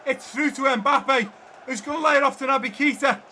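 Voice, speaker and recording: A man playing a football video game and commentating on it for his viewers, excitable and quick to shout at the play. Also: very high voice, a little hiss or hum. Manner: talks to viewers as guys and lads. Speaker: gaming YouTuber.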